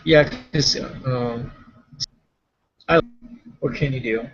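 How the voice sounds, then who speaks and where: A man's voice: medium pitch, takes it slowly, dull audio. A man co-hosting a casual chat, rambling along with frequent restarts, fillers and trailing thoughts. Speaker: podcast co-host.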